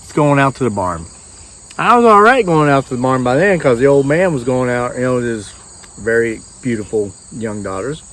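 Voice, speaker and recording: A man's voice: mid-range voice, brisk, fairly bright tone. A man telling a tall tale in a folksy, rambling drawl. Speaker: storyteller.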